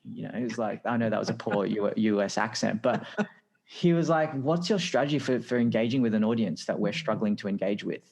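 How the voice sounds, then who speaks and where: Australian male guest, relaxed storyteller, lowish pitch, slips into voices for quotes. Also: fairly quick. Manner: chatty, acts out quoted dialogue. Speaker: guest, design director. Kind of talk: casual storytelling.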